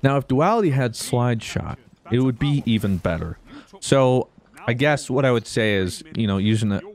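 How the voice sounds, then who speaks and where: A young man giving jokey, excitable commentary over his own gameplay, breaking into sudden loud outbursts. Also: lowish voice. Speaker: gaming YouTuber.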